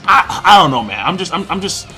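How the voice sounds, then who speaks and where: A young man rants through a comic review, swearing freely and bursting into shouts as he rambles. His slightly high voice swings widely in pitch and has a sharp, bright edge. Faint music plays underneath. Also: fairly quick. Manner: excitable, profane, rambling, with frequent shouted outbursts. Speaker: manga reviewer. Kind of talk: ranting commentary.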